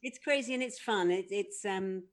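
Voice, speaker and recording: A woman's voice: mid-range voice, normal speed, crowd noise. A woman, a voice artist, chatting modestly but animatedly on a video call. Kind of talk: casual chat.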